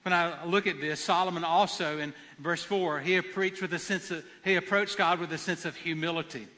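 A man preaches a sermon in an earnest way, circling back to key phrases to press them home. His voice sits high and sounds very bright and forceful. The sound trails off in the long reverb of a church hall. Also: steady tone, brisk. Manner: earnest, repeats phrases for emphasis. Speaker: pastor.

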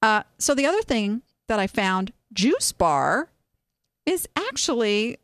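A woman's voice: fairly high pitch, takes it slowly, no echo, clean studio sound. A woman hosting a casual live stream, giving frank, chatty advice on online sales listings. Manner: chatty, frank, animated, with many restarts. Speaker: host reviewing online listings.

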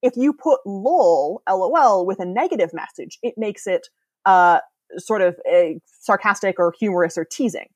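A woman's voice: medium pitch, lively intonation, moderate pace, a little mellow, slightly rough, dry recording. A woman in her thirties, a podcast guest, explaining ideas eagerly in casual chat and laughing often.

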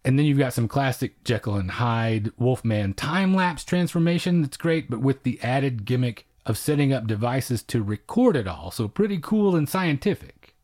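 A man's voice: mid-range voice, animated, normal speed, hardly any pauses, darkish tone. A man co-hosting a podcast, chatting casually and wryly about horror films. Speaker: podcast co-host. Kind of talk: casual film review chat.

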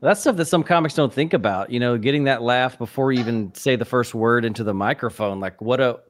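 A man's voice: mid-range voice, brisk. A man hosting a casual conversation, agreeing enthusiastically. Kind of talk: casual chat.

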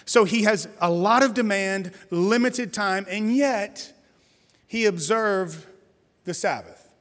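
A man in his forties delivers a sermon in a slightly high, animated voice, telling stories with playful, conversational asides. His voice carries a long reverb from a big church sanctuary. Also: slow. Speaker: guest pastor.

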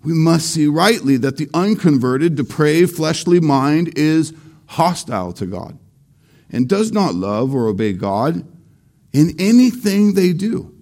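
A man preaching a sermon slowly and deliberately, repeating key phrases for emphasis. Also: a little high, big pitch swings, a little mellow. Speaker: pastor.

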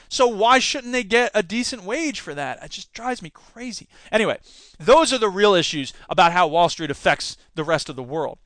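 Man, podcast host, sarcastic, ranting, bright tone, dry recording. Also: high-pitched, no echo. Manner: animated, ranting, sarcastic asides. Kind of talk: opinionated solo commentary.

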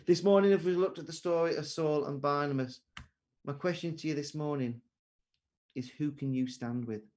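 A man's voice: a little high, normal speed, darkish tone. A man preaching an earnest sermon over a video call, asking rhetorical questions.

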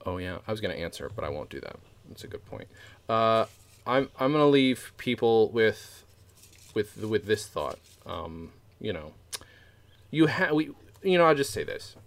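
A man's voice: on the low side, big pitch swings, moderate pace, vocal fry. A man co-hosting a comedy podcast in casual, profane, laughing chat. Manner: profane, laughing, jumps into silly put-on voices. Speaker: podcast co-host.

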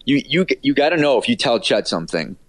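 A man's voice: mid-range voice, very animated, fast talker, a bit bright, no room sound. A man, an author and radio producer, telling anecdotes casually as an interview guest, with many fillers and restarts.

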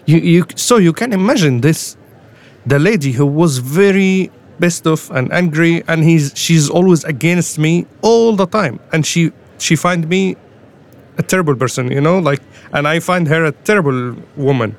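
A man speaking English, telling of his detention in halting speech full of repeated words and fillers. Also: fairly high pitch. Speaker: interviewee, former detainee. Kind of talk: personal testimony. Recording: faint music underneath.

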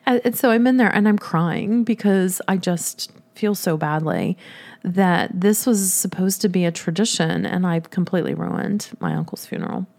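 A woman's voice: lowish voice, a little slow, creaky. Woman laughing through a funny story. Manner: animated, laughs often while telling. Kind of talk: humorous personal storytelling.

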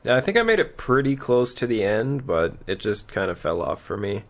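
A man's voice: mid-range voice, very animated, a little fast. A man co-hosting a gaming podcast, making dry wisecracks in casual chat. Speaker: podcast co-host.

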